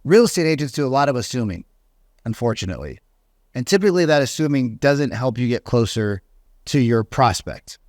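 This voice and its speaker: A middle-aged man, a real estate coach, talking in an animated podcast monologue and acting out the people he quotes. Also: mid-range voice, a little fast, no room sound, studio quality. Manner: animated storytelling, acts out quoted voices.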